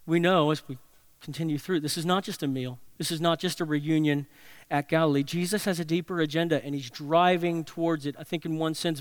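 Higher-voiced man preaching dramatically. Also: smooth, no echo. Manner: dramatic storytelling, swinging between loud and hushed. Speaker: pastor. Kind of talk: sermon.

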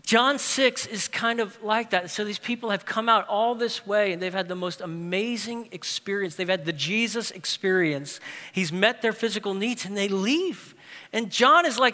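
A male pastor preaches in a high, bright voice, lively and conversational, with casual asides and humor. Long reverb from a big hall trails every phrase. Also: moderate pace. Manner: lively, conversational, uses humor and pop-culture stories. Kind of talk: sermon.

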